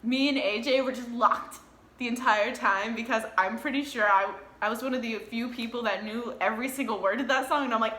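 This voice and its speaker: A young woman vlogger telling a story to camera in a casual, animated way, acting out her own reactions and swearing freely. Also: on the high side, a little fast, reverberant.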